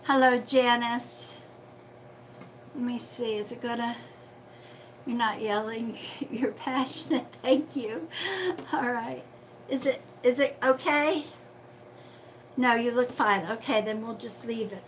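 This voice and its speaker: A woman's voice: fairly high pitch, fairly even intonation, slow, long pauses, a little hiss or hum, poor audio. A woman hosting a casual livestream as a psychic reader, chatty and friendly, calling viewers sweetheart.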